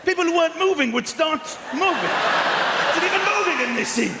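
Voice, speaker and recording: A man's voice: very high-pitched, lively intonation, moderate pace, creaky, long reverb tail, heavy background noise. A man doing wry, sarcastic stand-up comedy in a theatre. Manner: wry, sarcastic, puts on posh mocking voices. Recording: live theatre with loud crowd.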